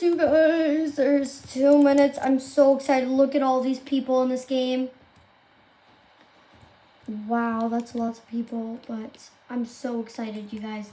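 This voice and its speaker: A woman commentating live gameplay to her viewers, gushing and excitable, often squealing and exclaiming. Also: high-pitched, takes it slowly, faint music behind. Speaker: game streamer.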